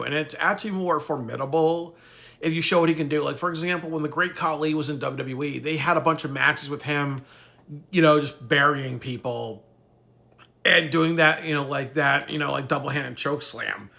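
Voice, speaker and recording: A man's voice: a little high, normal speed, gravelly, sharp tone. A man talking casually in a rambling vlog, swearing freely and tacking "really" onto his points. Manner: rambling, profane, ends thoughts with "really". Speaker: wrestling commentator.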